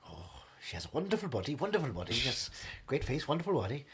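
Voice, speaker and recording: A pompous older Welsh actor, as a man puts him on, speaking in a low, hushed murmur and savouring every "wonderful". His pitch still drifts up and down, and faint noise sits under the voice. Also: very animated, quick pace. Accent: put-on Welsh.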